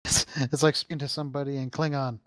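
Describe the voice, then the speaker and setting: A man's voice: medium pitch, flat delivery, fast talker, fairly bright tone, dry recording. Wry, joking man, dry recording. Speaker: talk show co-host. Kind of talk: casual chat.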